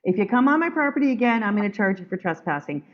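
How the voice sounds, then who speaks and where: A woman's voice: medium pitch, very animated, fast. Blunt woman hosting a group call. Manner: blunt, firm, rambling with restarts. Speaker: call host. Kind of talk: group video call talk. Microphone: video call. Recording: dull lo-fi call audio.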